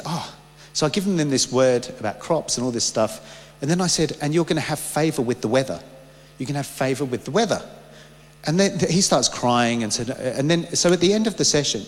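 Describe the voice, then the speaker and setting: A man preaching a sermon, fervent and anecdotal, often restarting his sentences. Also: medium pitch. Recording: long hall reverb.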